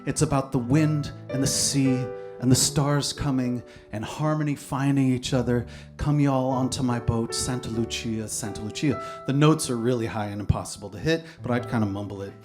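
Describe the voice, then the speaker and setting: A man's voice: medium pitch, normal speed, hardly any pauses. A man telling a self-mocking comic story on stage, rambling along with bursts of laughter. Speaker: comedian and poet. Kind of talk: live stand-up storytelling. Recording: live stage recording with guitar music. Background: guitar music.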